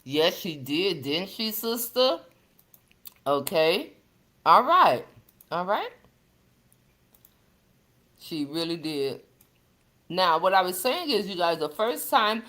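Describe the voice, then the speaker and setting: A woman's voice: fairly low pitch, very animated, slow pace, pauses often, fairly bright tone. A woman talks through a casual livestream. She chats freely with her viewers, greeting them by name and calling them sister and baby as she reads the comments. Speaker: livestream host.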